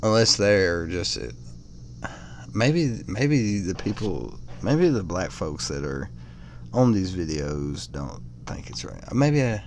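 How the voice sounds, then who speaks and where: A man's voice: low-pitched, very animated, slow pace, a little hiss or hum. A man hosting a podcast, reacting to videos in a blunt, mocking, profane way. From American South. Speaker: podcast host. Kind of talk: casual reaction commentary.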